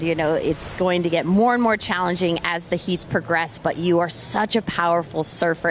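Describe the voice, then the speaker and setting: A woman's voice: low-pitched, a little hiss or hum. A woman interviewing an athlete beachside after a heat, upbeat and asking long, detailed questions. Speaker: sideline interviewer.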